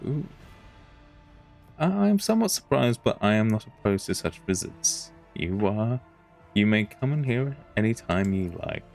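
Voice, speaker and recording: A man's voice: lowish voice, lively intonation, creaky, a little mellow, soft background music. A man voicing an aloof, haunted female alien seer from a video game, speaking formally. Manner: formal, measured speech. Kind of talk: reading game dialogue aloud.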